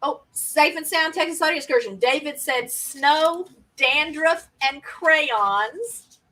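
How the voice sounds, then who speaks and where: A woman's voice: high-pitched, takes it slowly, sharp tone, distant mic, rough recording. A woman hosting a casual live-stream party game, chatty and laughing often as she reads out viewer comments.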